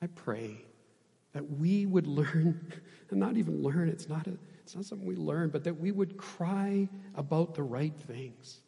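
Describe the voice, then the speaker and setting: Pastor guy preaching, fired up then going real quiet, kinda high voice, big reverby room. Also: normal speed, creaky. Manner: impassioned, swinging from loud to hushed. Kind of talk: sermon.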